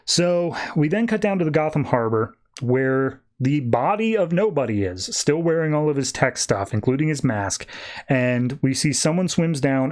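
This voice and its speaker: A man's voice: medium pitch, a little mellow. A man hosting a podcast, casually recapping a comic book and slipping into character voices. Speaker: podcast host.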